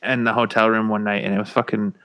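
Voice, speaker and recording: A lowish-voiced man talks at a quick pace as a podcast co-host. The banter is casual and profane, and he animatedly acts out other people's lines as he tells his stories.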